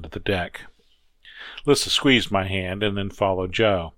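Low-voiced man narrating a story. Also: unhurried, fairly bright tone, dry recording. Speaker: audiobook narrator. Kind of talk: first-person story narration.

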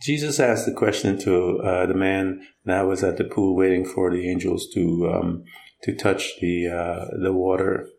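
A gravelly, fairly low-voiced man preaches in an easy conversational way. He retells scripture and acts out the quotes as he goes. His voice rings in a roomy, echoing space. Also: fairly even intonation, measured pace, a little mellow, a little hiss or hum. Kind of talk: conversational sermon. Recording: roomy echo.

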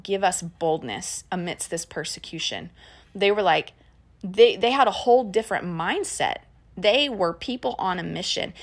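A woman's voice: mid-range voice, a bit bright. A woman, a mother, teaching in a casual, earnest and encouraging way, with a conversational flow and frequent fillers. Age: adult parent. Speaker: Christian podcast teacher.

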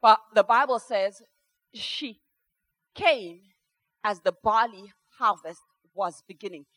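A woman preaching a sermon with passion, swinging from hushed tones to shouting and repeating phrases for emphasis. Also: mid-range voice, takes it slowly, poor audio.

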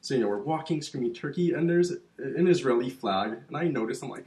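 A man co-hosting a casual podcast chat, telling stories in an animated, heated way with plenty of swearing. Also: medium pitch, brisk. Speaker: podcast co-host. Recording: roomy echoey room.

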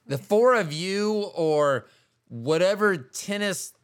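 A man's voice: high voice, slow, smooth. A man hosting a podcast, teasing his guests in casual chat. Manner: joking, deadpan teasing. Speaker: podcast host.

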